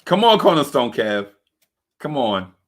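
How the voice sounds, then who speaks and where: A young man hosting a fan livestream show and telling a long, animated story, jumping into high voices to act out the other people in it. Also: measured pace. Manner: acts out other people's voices in his stories, high-pitched and excitable. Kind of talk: animated storytelling and casual chat.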